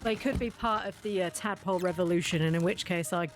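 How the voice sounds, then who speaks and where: A woman's voice: fairly low pitch, quick pace. A woman, a streamer telling a laughing, sweary story while playing a game. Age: 40s. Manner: laughing, swearing anecdote teller.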